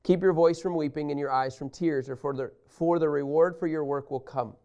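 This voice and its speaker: Man, bible teacher, clear resonant voice, somewhat high, emphatic, talks to listeners. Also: brisk, dull audio. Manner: animated, emphatic, addresses listeners directly. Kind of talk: Bible lesson reading and explaining scripture.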